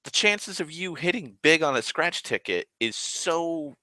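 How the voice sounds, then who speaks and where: A man's voice: on the high side, lively intonation, measured pace, pushed and bright, no echo. A man rambling in a casual, profane monologue, ranting and complaining at length. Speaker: vlogger.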